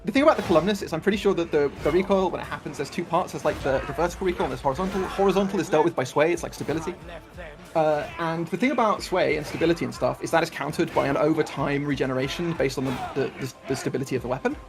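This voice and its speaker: A man's voice: on the high side, rapid-fire, over music. A man in casual voice-chat banter, rambling as he works through how a game mechanic functions. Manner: rambling, analytical, many restarts. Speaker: streamer explaining game mechanics.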